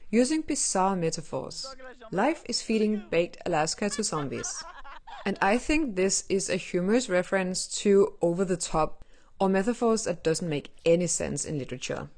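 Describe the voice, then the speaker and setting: A woman with a somewhat low voice talks through a game in a casual, explanatory way. She keeps the tone playful and drops in nerdy asides as she goes. It sounds like a home voice-over for a gaming channel. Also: a little mellow. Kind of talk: casual explanatory gameplay commentary.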